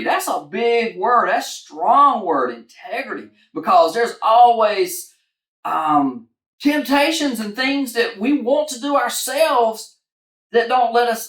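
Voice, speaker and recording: A woman's voice: mid-range voice, a bit bright. Upbeat woman teaching children, encouraging, in an echoey room. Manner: upbeat, encouraging, talks straight to kids. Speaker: kids ministry leader. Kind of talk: livestreamed children's church lesson.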